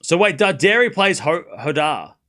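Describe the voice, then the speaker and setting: A man's voice: a little high, very animated, moderate pace, bright, forceful tone. A man hosting a live stream, chatting casually, often laughing and joking sarcastically as he reads and answers his chat.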